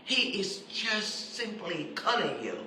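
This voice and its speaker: A woman preaching a sermon who stresses her points by repeating them and turns soft and intimate when she appeals to her listeners. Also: medium pitch, sing-song, takes it slowly, roomy sound, slight background noise, rough recording. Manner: emphatic, repeats key phrases for stress.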